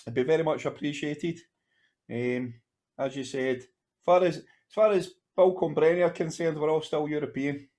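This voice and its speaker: A man hosting a relaxed beer podcast with an easygoing, jokey way of talking. His voice is slightly high for a man. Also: normal speed. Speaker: podcast co-host.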